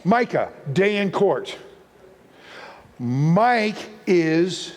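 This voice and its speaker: Guest preacher, man, high-pitched, jokey and punning, echoing church hall. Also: very animated, extremely slow. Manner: playful, punning, acts out voices. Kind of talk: sermon teaching. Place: church sanctuary with live audience. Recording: long reverb of a church hall.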